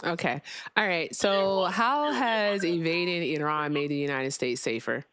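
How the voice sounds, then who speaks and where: A woman's voice: fairly low pitch, measured pace, a bit bright, no room sound, clean studio sound. Blunt sarcastic woman hosting a call-in. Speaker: host. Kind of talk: live call-in debate show.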